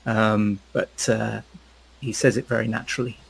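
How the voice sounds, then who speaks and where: A man's voice: on the low side, little pitch movement, normal speed, vocal fry, husky. A man narrating a tabletop game as game master, rambling with fillers.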